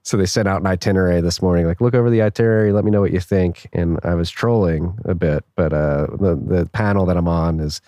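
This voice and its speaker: Very deep-voiced man in a dry booth. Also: fast, hardly any pauses, warm tone, no echo. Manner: joking, laughs often, trails off with fillers. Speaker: podcast co-host. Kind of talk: casual podcast chat, reading news.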